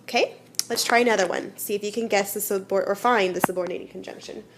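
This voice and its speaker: A woman's voice: mid-range voice, steady tone, fast talker. Woman teacher walking kids through grammar, patient, keeps asking "okay?", bit of hiss behind. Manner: patient, explains step by step with frequent "okay?" checks. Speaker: elementary school teacher. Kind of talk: classroom grammar lesson.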